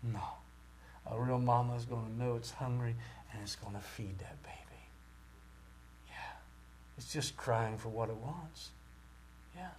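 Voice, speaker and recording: A man preaching a sermon with great passion, rising to loud cries and dropping to near-whispers. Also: mid-range voice, unhurried, long pauses, slight background noise. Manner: impassioned, swings from shouting to near-whispers.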